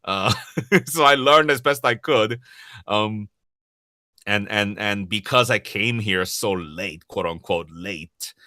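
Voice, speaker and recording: A Korean man with a Korean accent and Korean as his first language answers audience questions as a voice actor in a casual livestream Q&A. He's lively, chuckles often, and restarts and repeats words. His voice is fairly low and slow, in clean studio sound with no room sound.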